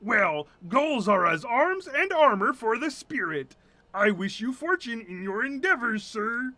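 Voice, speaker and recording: A kindly sage speaking with formal, measured gravity, as a man reads him aloud. His voice is raised and bright, and it rises and falls widely as he counsels. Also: very high voice, big pitch swings, no room sound, pitched above the performer's own voice, full character voice. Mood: solemn, earnest. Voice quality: measured, formal, slow delivery. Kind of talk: game dialogue read aloud in voices.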